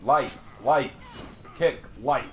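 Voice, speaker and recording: A man streaming a fighting game live, commenting excitedly and taunting his opponents out loud. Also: medium pitch, very slow, a little hiss or hum.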